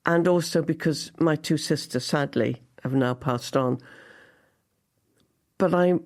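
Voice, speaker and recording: A woman in her seventies from Liverpool, England, speaks in a low, unhurried, slightly mellow voice. As a guest actress in an interview, she tells anecdotes and acts out her own past thoughts as she goes.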